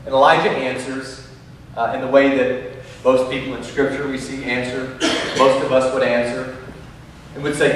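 A man's voice: medium pitch, level tone, moderate pace, pauses often, a little hiss or hum. A man preaching a sermon as pastor, earnest and conversational, often repeating his words. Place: church sanctuary. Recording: echoey hall from far off.

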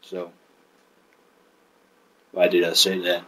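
A man's voice: sits low, little pitch movement, takes it slowly, pauses often, low-quality recording. A man with a non-native English accent, chatting casually in a vlog, joking and rambling with lots of fillers and swearing. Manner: joking, rambling, profane, with frequent fillers and restarts. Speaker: miniature painting vlogger.

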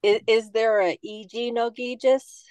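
A woman student on a video call sounds out new words at a slow, careful pace. Her voice sounds dry and close, with no room around it. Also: on the high side, steady tone, darkish tone, clean tone, dry recording. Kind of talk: asking questions in an online class.

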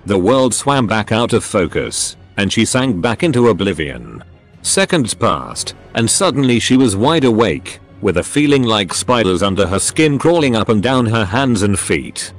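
Synthetic male story narrator, lowish and lively in pitch, with faint music under it. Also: moderate pace.

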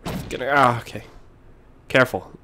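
A man hosting a casual let's-play video while sick, clearing his throat often, excitable and quick to yell and swear when things go wrong. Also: mid-range voice, a little hiss or hum. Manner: excitable, swears and yells at mishaps. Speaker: gaming video host.

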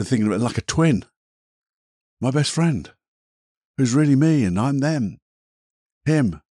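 A man hosting a reflective podcast, gentle and rambling, leading a guided imagination exercise with a soft laugh at himself. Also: mid-range voice, dry recording, studio quality. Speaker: podcast host and therapist.

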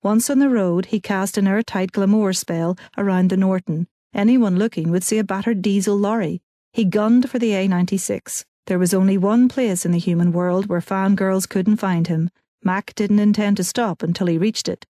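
A woman reading a novel aloud at a middling pitch, steady and clear. The recording is dry and close, with no room sound. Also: moderate pace, no room sound. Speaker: audiobook narrator. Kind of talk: scripted narration.

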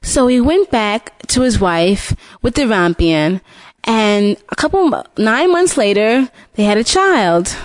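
A woman slowly telling a fairy tale for a listening lesson, expressive, with small restarts. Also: on the high side, no room sound. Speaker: storyteller.

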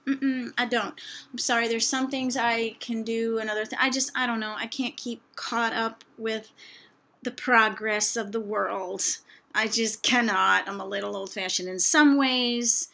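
Middle-aged woman vlogger, exasperated and chatty, bright tone. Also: on the high side, steady tone, a little slow, creaky. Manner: chatty, exasperated, self-mocking asides. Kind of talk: casual rant to camera.

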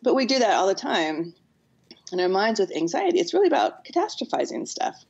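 Woman, psychotherapist guest on a podcast, earnest and explanatory, gravelly tone, dull recording. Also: mid-range voice, sing-song, fairly quick, darkish tone. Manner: earnest, explaining with acted-out examples. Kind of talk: podcast interview.

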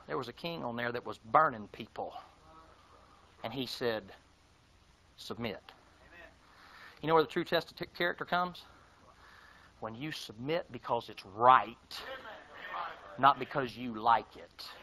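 A man preaching a fiery, folksy sermon. He mocks his listeners and swings between shouting and hushed tones. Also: mid-range voice, animated, moderate pace, gravelly, long pauses, a little hiss or hum, poor audio.

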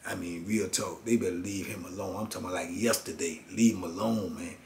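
A man's voice: deep voice, steady tone, fairly quick, slight background noise. A middle-aged man and former prisoner, telling a prison story in an interview and filling his lines with street slang and "man". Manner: street slang, peppers lines with "man" and "you know what I'm saying".

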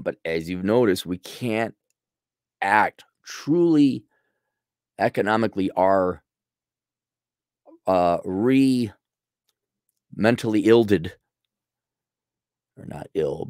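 A man's voice: sits low, a little mellow, dry recording, studio quality. A man hosting a casual commentary monologue, answering a viewer's question in a blunt, sarcastic, rambling way.

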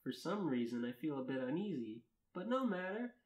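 A man's voice: on the high side, very animated, brisk, a little mellow. Male podcast host, mock-dramatic fanfic reader, echoey space. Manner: earnest mock-dramatic reading, laughing breaks. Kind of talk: comic dramatic reading of fan fiction. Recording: roomy echo.

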